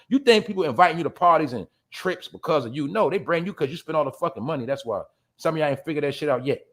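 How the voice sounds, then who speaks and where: Male host with a high voice, brash and profane commentary style. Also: lively intonation, fast, fairly bright tone. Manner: profane, blunt, addresses listeners as y'all; laughs at his own jabs. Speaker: show host. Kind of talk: ranting commentary.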